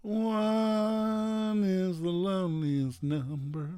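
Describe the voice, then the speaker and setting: A man's voice: sits high, steady tone, very slow, warm tone, faint music behind. A man streaming a visual novel, making wry, joking asides as casual commentary. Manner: wry, joking asides, clears throat often.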